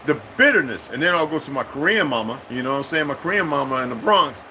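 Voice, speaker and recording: A middle-aged military veteran talking in a casual, rambling monologue, profane and streetwise, breaking into sudden high-pitched bursts. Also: male voice, animated, quick pace, pushed and bright, a little hiss or hum, rough recording.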